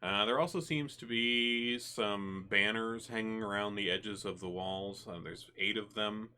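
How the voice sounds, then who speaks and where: A man narrating a tabletop game as game master, relaxed and full of fillers. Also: fairly low pitch, measured pace, clean tone. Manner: relaxed, many fillers and restarts.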